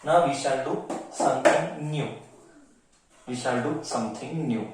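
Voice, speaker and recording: A man's voice: mid-range voice, unhurried. A male maths teacher with an Indian accent, giving a lesson, mixing Hindi words into English, repeating each phrase and quizzing his pupils. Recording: very echoey room, mic far off.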